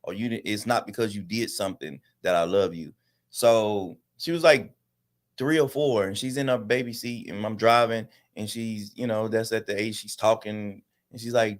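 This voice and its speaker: A man's voice: on the low side, steady tone, normal speed. A man in his thirties, a father, telling a story on a podcast, acting out the quotes and swearing casually. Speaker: podcast co-host.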